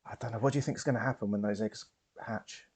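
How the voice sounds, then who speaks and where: A man voicing a friendly young woman spacefarer in a tabletop game, speaking in a soft, coaxing way that drops to hushed tones. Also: fairly low pitch, fairly even intonation, fast talker, husky. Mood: confiding.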